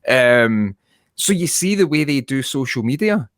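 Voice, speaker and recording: Scottish male podcast co-host, mid-pitched, rambling and sweary, dry close sound. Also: big pitch swings, unhurried, no echo. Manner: sweary, rambling, laughs often. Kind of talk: casual chat. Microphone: video call.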